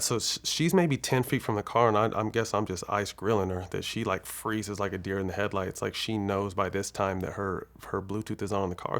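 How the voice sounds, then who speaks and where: Gravelly low-voiced man telling a story. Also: fairly bright tone. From California. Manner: casual, profane, laid-back storytelling with fillers. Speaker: interview guest, former basketball player. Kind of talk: candid storytelling interview.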